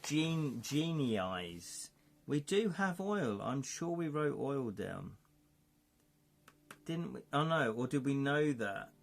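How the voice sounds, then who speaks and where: Expressive and creaky, with a mid-range voice and a slow pace, a man live-streams his gamebook playthrough. He narrates passages aloud and chats, thinking things through with his viewers.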